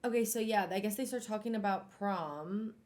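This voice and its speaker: Young woman streamer reading a book out loud, chatty and animated, swears a lot, laughs easy, medium pitch. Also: moderate pace. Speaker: streamer hosting a book club. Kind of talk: casual reading aloud with chatty reactions.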